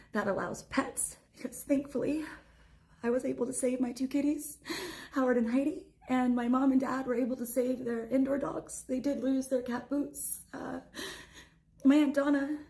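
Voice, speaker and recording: A woman's voice: sits high, a little mellow. A woman earnestly telling a personal update in a vlog.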